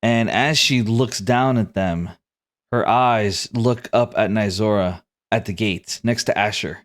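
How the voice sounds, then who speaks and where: A man's voice: lowish voice, measured pace. A man narrating and ruling as game master of a tabletop game.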